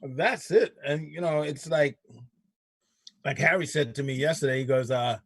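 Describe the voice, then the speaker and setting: A talk show host with a mid-range voice tells stories bluntly and animatedly at normal speed, cussing now and then in casual chat. There's no room sound on the recording.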